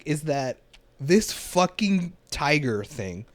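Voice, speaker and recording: A man co-hosting a podcast, talking through a movie in casual, swearing chat and yelling out mock reactions. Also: fairly high pitch, brisk, no echo. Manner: animated, swears a lot, yells when acting out reactions. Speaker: podcast co-host.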